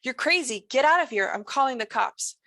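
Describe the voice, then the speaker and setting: A woman's voice: on the high side, fairly even intonation, a little fast, a bit bright. A woman voicing a frightened but defiant young woman who speaks bluntly and pleads.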